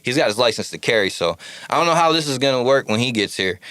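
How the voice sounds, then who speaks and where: A man telling a story as a podcast guest, animated and full of casual "like"s, acting out the lines he quotes. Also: medium pitch, fast talker, smooth, dry recording. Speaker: podcast guest, studio owner.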